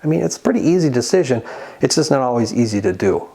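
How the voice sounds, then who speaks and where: A man giving an earnest, conversational sermon as the host of a Christian channel, pausing now and then to read scripture aloud. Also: mid-range voice, sing-song, gravelly, dark tone, slight background noise. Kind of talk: sermon-style monologue.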